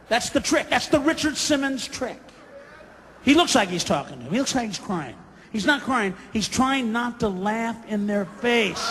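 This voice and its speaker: A man's voice: very high voice, fairly bright tone, a little hiss or hum. A man doing a stand-up comedy routine, ranting profanely and breaking into sudden screams, recorded live on stage. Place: live club or theater stage with audience. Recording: live concert recording, hall reverb, faint crowd.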